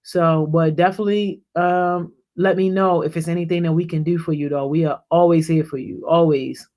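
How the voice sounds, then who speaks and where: A youth program leader giving casual shout-outs and encouragement to young members, saying "yo" constantly and repeating phrases, and getting louder and higher when greeting people by name. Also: moderate pace. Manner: peppers speech with "yo", repeats and restarts phrases; energetic, rises in pitch and volume when greeting people by name. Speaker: youth program leader hosting a group call.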